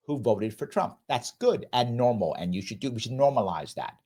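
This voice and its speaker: A man's voice: mid-range voice, lively intonation, normal speed, few pauses. Guy hosting a live show, sarcastic, mocking, voice jumps all over the place. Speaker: host of a live commentary show. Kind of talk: live show commentary, reading viewer chat.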